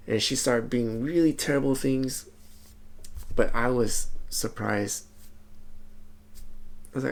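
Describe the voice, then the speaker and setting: A man vlogging in a calm, soft, reflective way, often repeating his words as he thinks aloud. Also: medium pitch, moderate pace, vocal fry. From Hmong community background. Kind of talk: personal vlog talk.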